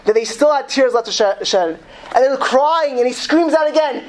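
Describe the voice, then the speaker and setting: A woman's voice: sits high, lively intonation. A woman telling a dramatic true story, with frequent stumbles and restarts as she goes. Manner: dramatic, stumbling restarts, pauses to ask words.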